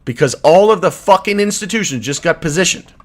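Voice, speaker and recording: A man with a Canadian accent rants into his livestream, swearing hard. His pitch jumps high and falls away in wild swings. The voice sits a little high for a man. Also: lively intonation, a little fast. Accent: Canadian English. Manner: furious, profane, swinging from shouting to low mutters. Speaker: crypto livestream host. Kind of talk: angry livestream rant.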